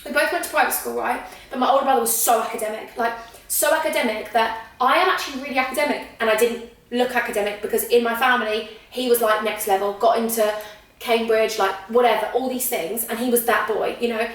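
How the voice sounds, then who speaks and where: Young woman hosting a podcast, talks super fast, bit high, echoey room with the mic a ways off. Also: steady tone, far from the mic. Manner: chatty, quick, giggly storytelling. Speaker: podcast host. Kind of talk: casual chat.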